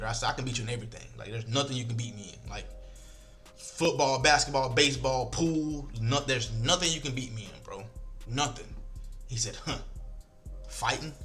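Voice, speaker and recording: Animated man telling a story casually. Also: mid-range voice. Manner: animated, acts out quoted lines, swears freely.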